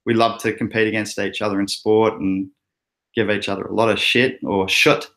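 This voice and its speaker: A man's voice: lowish voice, little pitch movement, a little fast, gravelly. An Australian man hosting a casual livestream, rambling and chatty with frequent fillers and laughs. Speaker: crypto channel host.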